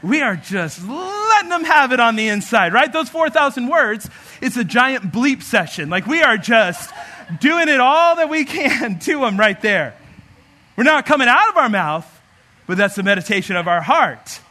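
A man preaching a sermon as pastor, animated and humorous, acting out everyday scenes. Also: extremely high pitch, normal speed, slight background noise.

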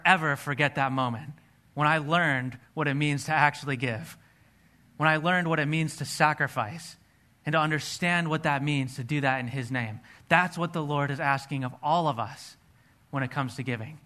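A man with a slightly high, bright, forceful voice preaches a sermon by sharing a personal testimony. He tells it earnestly and acts out his own past dialogue.

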